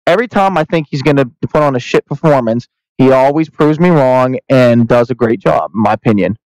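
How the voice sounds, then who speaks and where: A man's voice: medium pitch, brisk, darkish tone, dry recording, low-quality recording. A young man co-hosting a podcast, chatting casually, rambling with lots of restarts and swearing. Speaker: podcast co-host. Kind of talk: casual chat.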